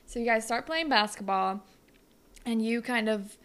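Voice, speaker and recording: A woman's voice: a little high, moderate pace, fairly bright tone. A young woman co-hosting a podcast, telling rambling stories in casual chat with lots of "like". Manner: rambling storyteller, full of "like". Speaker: podcast co-host.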